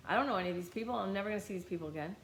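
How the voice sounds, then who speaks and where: Blunt, animated middle-aged American woman vlogger, casual storytelling, roomy sound. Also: medium pitch, very fast, slight background noise. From United States. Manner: blunt, animated, swears freely.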